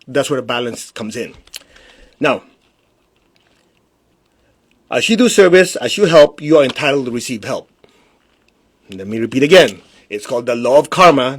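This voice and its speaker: A man's voice: a little high, breathy edge. A man giving a live-streamed spiritual teaching in a blunt, emphatic way, with pointed rhetorical questions. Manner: mocks excuses with put-on quoted voices.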